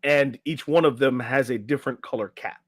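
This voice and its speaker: A middle-aged man tells a story with energy and slips into quick voices for the people in it. His delivery sits at an ordinary pitch, and the dry, close recording carries almost no room sound. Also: no echo. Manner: animated storyteller acting out quotes, filler "right?". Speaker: podcast guest, health and life coach. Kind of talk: casual storytelling interview.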